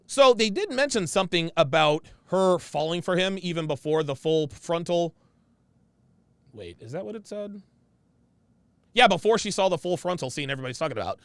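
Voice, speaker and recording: Brash male stream host, emphatic and repetitive, lively high delivery with gravel in the voice. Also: moderate pace, dry recording. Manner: brash, emphatic, repeats phrases. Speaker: show host reading viewer comments. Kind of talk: casual livestream commentary.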